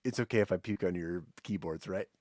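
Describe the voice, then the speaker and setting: A man co-hosting a casual livestream chat, blunt and quick to swear, talking into a desk microphone. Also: deep voice, a little mellow, dry recording, studio quality. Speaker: co-host.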